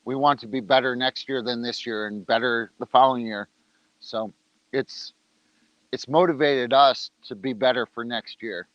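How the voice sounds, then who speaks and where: A man hosts a laid-back outdoor livestream, joking around and talking with food in his mouth. The sound is dry and a little dull, as if from a low-grade mic. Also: steady tone, normal speed, a bit bright, dry recording. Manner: loose, joking, talks while eating. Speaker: organization leader on a livestream. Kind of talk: casual livestream talk. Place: outdoors, rain coming.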